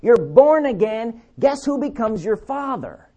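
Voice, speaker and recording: A man preaching a sermon, emphatic, repeating key words and slowing down to read scripture. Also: extremely high pitch, very animated, dark tone, lo-fi sound.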